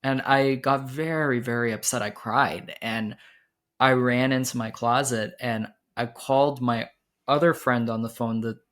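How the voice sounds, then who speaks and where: A man hosting a podcast, telling a personal story in a candid, halting way with many restarts, his voice jumping higher when he quotes his own panic. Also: steady tone. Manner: quoted lines rise much higher and louder when he relives panic. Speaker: podcast host.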